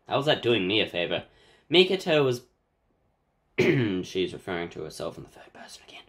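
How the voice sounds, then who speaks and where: A man playing through a horror game, giving casual, wry commentary and clearing his throat now and then. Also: mid-range voice, huge pitch swings, normal speed. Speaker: game player. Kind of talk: let's play commentary.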